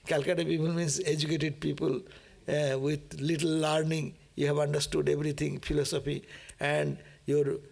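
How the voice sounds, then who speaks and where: With a highish voice full of vocal fry, the monk reads scripture to his class and explains it casually. He keeps asking "no?", laughs a lot, and dramatizes the prayers.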